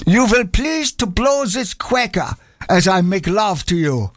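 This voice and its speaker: A man voicing a stiff, formal German man with a put-on German accent, speaking slowly in clipped, overly formal phrases. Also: high-pitched, big pitch swings, a bit bright, no echo, clean studio sound, pitched above the performer's own voice, exaggerated voice. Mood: stiffly formal.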